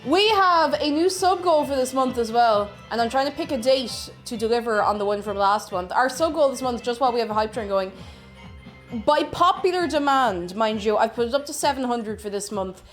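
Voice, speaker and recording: A bubbly woman hosts a live stream, greeting viewers and reading their messages aloud. Her fairly high voice swings into a sing-song lilt when she greets people. Soft music plays quietly underneath. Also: moderate pace.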